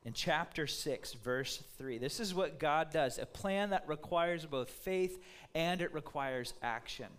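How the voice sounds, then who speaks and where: Brief: male pastor, conversational sermon, somewhat high voice. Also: measured pace. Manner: conversational, lively preaching.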